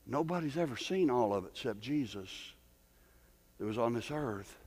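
A man preaching a sermon, impassioned, building to near-shouting peaks, with many repeated words. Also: mid-range voice, animated, moderate pace. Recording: long hall reverb.

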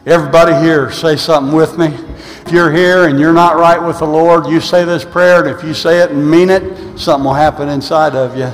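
A man preaching a sermon and leading a congregation, swinging from hushed words to shouts, and his voice is wearing out. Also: a little high, fairly even intonation, fairly quick, long reverb tail. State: losing his voice. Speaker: pastor. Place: church sanctuary.

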